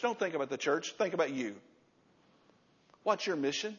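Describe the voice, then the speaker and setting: Older guy in his 60s preaching, hammers words over and over, raspy voice, kinda muffled. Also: animated, normal speed. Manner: emphatic, repeats key words, drops to a soft low voice for stress. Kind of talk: sermon. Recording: muffled sound with long hall reverb.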